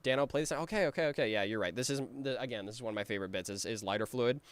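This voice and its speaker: Rambling animator, smooth dry voice. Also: male voice, medium pitch, dry recording. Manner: rambling, with lots of ums and restarts; acts out his characters' lines in quick voices. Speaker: animator giving creator commentary. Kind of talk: casual commentary over his cartoon.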